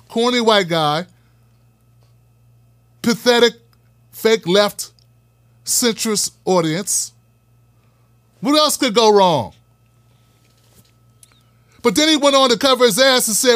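A man with a strikingly high voice hosts his own commentary show, speaking bluntly and with plenty of profanity. He drives his points home by repeating them. The recording is dry and close, with no room echo. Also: expressive, a little slow, pauses often, a bit bright. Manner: blunt, profane, emphatic repetition. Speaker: political commentary host. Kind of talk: fiery direct-to-camera monologue.

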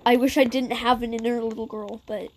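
A woman's voice: on the high side, flat delivery, a little fast. A woman giving casual gameplay commentary in a chatty, sarcastic way with muttered asides. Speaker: gameplay streamer.

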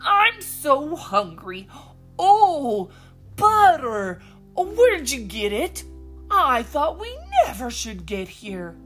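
A woman voicing a hungry, cross young boy who whines loudly. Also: high voice, very animated, slow, soft background music, pitched above the performer's own voice, exaggerated voice. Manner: whiny and loud.

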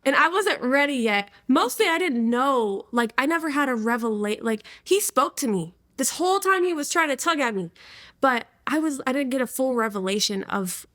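A woman in her twenties, appearing as an interview guest, shares her personal testimony in a lively, casual way, using lots of slang and laughing easily. Her voice is a little high and her pace moderate. The recording is dry and close, with no room sound.

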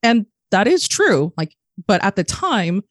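A woman's voice: mid-range voice, unhurried, no room sound, studio quality. A young adult woman telling a story as a podcast guest, blunt and swearing freely, acting out the voices of people she quotes. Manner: blunt, animated, acts out quoted dialogue. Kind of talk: candid storytelling, lots of swearing.

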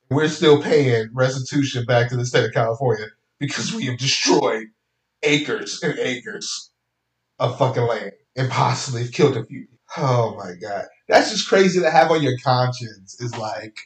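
A man hosting a casual solo podcast from his home office, rambling and cursing with sudden animated outbursts. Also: medium pitch. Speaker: podcast host. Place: home office, spare room. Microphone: home podcast mic, computer recording. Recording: echoey room.

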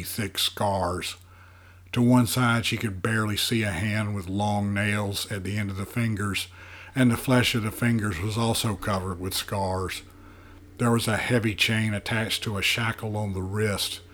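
A man narrating a dark fantasy novel as an audiobook, in a steady, even storytelling manner. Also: lowish voice.

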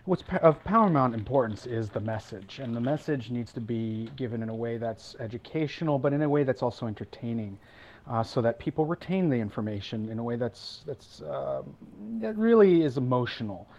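A man guesting on a casual interview as an ocean explorer. He speaks thoughtfully and articulately, with only a few fillers. His pitch sits in the middle range. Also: animated, a little fast, darkish tone, lo-fi sound.

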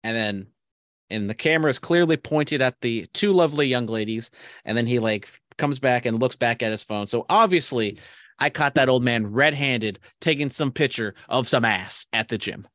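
A man's voice: mid-range voice, moderate pace, a bit bright, dry recording, studio quality. A man co-hosting a podcast, telling crude stories and joking in casual chat. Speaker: podcast co-host. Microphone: desk mic on camera.

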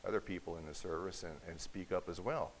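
Very deep-voiced male pastor preaching. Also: fast, low-quality recording. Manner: storytelling with acted quotes, rising to forceful emphasis. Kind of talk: sermon. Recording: faint hiss.

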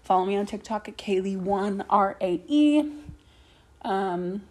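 A woman's voice: medium pitch, lively intonation, unhurried, darkish tone. Chatty young woman podcaster, swearing freely. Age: young adult. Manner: chatty, swears a lot, jumps between topics. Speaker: podcast host. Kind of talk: casual rambling monologue.

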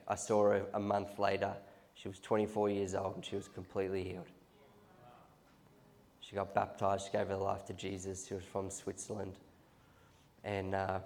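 A man preaches to his church in a somewhat low voice. He tells his stories with animated restarts and repeated phrases, the way a sermon runs live. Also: normal speed, vocal fry, pauses often, slight background noise. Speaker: pastor.

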